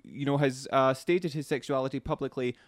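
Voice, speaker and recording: A man's voice: medium pitch, steady tone, brisk, dry recording, studio quality. A man co-hosting a podcast, talking in a chatty, thoughtful way with frequent ums. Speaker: podcast co-host. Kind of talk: casual podcast chat.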